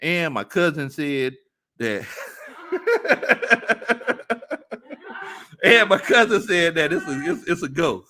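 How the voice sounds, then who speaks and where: A man hosting a casual sports talk stream, reading viewer comments aloud and laughing often. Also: normal speed. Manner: animated, laughs often, jumps into high-pitched squeals. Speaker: sports talk show host.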